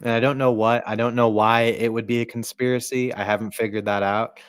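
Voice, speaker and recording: A man hosting a sports live stream, talking in a casual, rambling, profane way and often clearing his throat. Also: mid-range voice, little pitch movement, a little fast, no room sound, studio quality. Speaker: livestream sports commentator.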